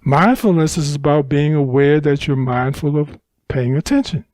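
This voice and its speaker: A man's voice: on the high side, normal speed, darkish tone, no room sound, clean studio sound. A man giving a Buddhist dharma talk at a retreat center, teaching unhurriedly with emphatic repetition.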